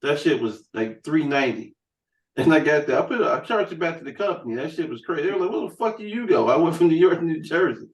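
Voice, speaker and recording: A man's voice: a little high, lively intonation, quick pace, recorded from a distance. A man hosting a podcast, telling loose, profane stories in a casual chat. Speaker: podcast host. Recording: roomy room sound, set back from the mic.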